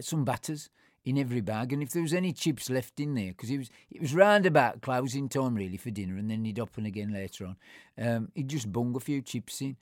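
A man's voice: mid-range voice, darkish tone, no echo. Older man, Black Country accent, rambling nostalgic storyteller, dry close sound. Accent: Black Country English. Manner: rambling, full of fillers and self-corrections; acts out other people's voices in anecdotes. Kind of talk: casual reminiscing.

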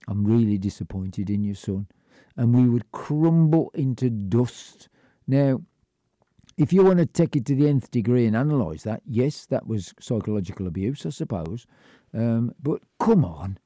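Dark-voiced older man reminiscing. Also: medium pitch, dry recording, clean studio sound. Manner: blunt, rambling, self-deprecating, acts out quoted voices. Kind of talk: personal storytelling monologue.

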